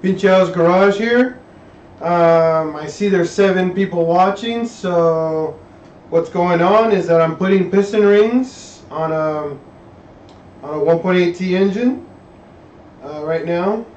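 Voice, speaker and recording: A man's voice: high-pitched, slow pace, a little mellow, slight background noise. Rambling man in an echoey garage. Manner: rambling, reads chat aloud, trails off and restarts. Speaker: livestream host working on an engine. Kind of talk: casual live-stream chat while working. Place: home garage workshop. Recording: echoey garage, far from a dull mic.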